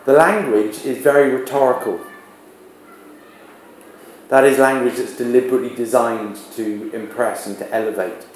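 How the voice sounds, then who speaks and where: A man's voice: medium pitch, normal speed, long pauses. A man teaching a classroom literature lesson, explaining patiently and asking rhetorical questions. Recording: echoey classroom with background noise.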